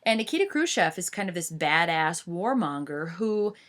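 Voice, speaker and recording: A woman's voice: lowish voice, sing-song, normal speed, fairly bright tone. A woman giving an informal history lecture, chatty, with many fillers and restarts. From United States.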